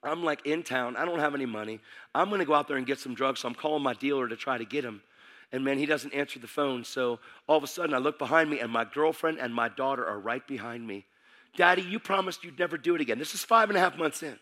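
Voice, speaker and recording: A man's voice: medium pitch, fast, pushed and bright. A man preaching, telling his life story in an urgent, vivid way. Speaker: preacher giving testimony. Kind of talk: sermon testimony.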